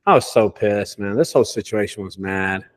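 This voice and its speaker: A man who owns a junk removal business, telling animated, profane stories in a casual group chat. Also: lowish voice, moderate pace.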